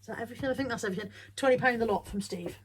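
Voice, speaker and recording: A middle-aged woman chatting casually as she shows off her bargain finds, wry and thinking out loud. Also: fairly high pitch, very fast, faint music behind. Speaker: reseller showing bargain finds.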